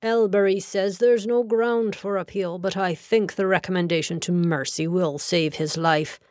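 A woman's voice: lowish voice, steady tone, normal speed, darkish tone, dry recording, studio quality, lightly acted. A woman voicing a grey-bearded senior male solicitor, loyal and curt, in an audiobook. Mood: earnest. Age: older. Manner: curt, earnest.

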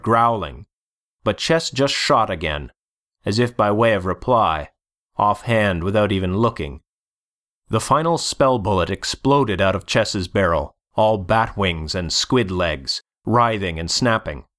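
Guy reading an audiobook real slow, lowish voice, steady. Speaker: audiobook narrator. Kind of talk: scripted narration.

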